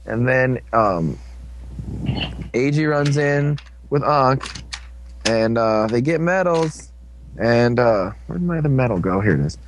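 A man's voice: medium pitch, expressive, unhurried, pauses often, slight background noise. A young man casually recapping a show episode, joking around and slipping into silly voices for the characters. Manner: rambling, jokey, drops into silly voices for characters. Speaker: podcast co-host recapping an episode.

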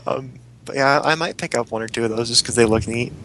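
A young man in casual chat, rambling and swearing lightly as he talks. His voice is bright and forward. A faint rumble sits behind him. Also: quick pace, vocal fry. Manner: rambling, swears, laughs often.

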